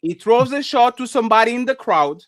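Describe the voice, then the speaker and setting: A man's voice: extremely high pitch, lively intonation, fairly quick, fairly bright tone, no echo. A man co-hosting a live audio-room talk, repeating himself, cutting in and scolding with exasperation. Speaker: co-host.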